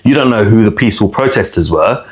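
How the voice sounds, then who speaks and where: A man, chatting on a podcast in an animated way, repeating words and using slang. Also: fairly low pitch, fast talker. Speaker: podcast host. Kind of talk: casual chat.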